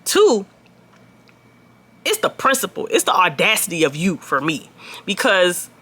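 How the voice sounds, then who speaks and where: A woman telling a personal story to her viewers in a casual vlog, blunt and profane, swinging between loud outbursts and quiet asides. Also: fairly low pitch, measured pace, breathy edge. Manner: animated, swings loud and soft.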